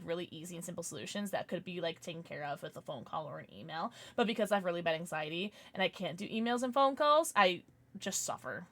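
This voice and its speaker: A young woman streamer chatting casually on a livestream, rambling and halting with many restarts as she vents her frustration. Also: lowish voice, sharp tone. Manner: frustrated, venting; baby-talk to her dogs.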